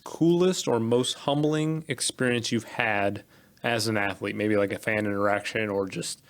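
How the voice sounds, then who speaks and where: Low gravelly male podcast host. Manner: calm, slow questions with soft backchannels. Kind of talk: casual interview.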